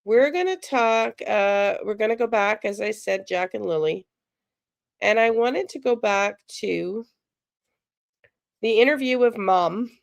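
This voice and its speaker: A woman's voice: medium pitch, gravelly, dry recording. A woman hosting a casual live stream, chatty and sympathetic as she answers viewer chat aloud. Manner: emotional, sympathetic. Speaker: livestream host.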